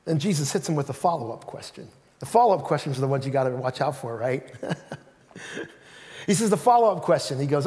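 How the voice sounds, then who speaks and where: A man preaching a sermon as pastor in a church, telling the story in an animated way and acting out the quotes. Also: a little high, brisk, long pauses. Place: church sanctuary. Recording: reverberant church hall.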